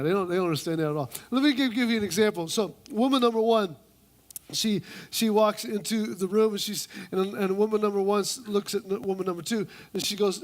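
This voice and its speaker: A man preaching a humorous sermon in church, playfully acting out conversations and mimicking women in a high voice. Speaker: pastor.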